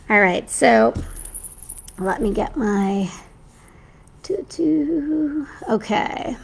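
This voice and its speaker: Woman host, slightly high and gravelly, chatty and scatterbrained, reading out viewer comments on a live stream. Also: lively intonation, extremely slow, pauses often. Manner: chatty and scattered, often losing her train of thought; reads a story aloud to viewers. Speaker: Mrs. Claus character host of a live stream. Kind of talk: casual livestream chat reading viewer comments.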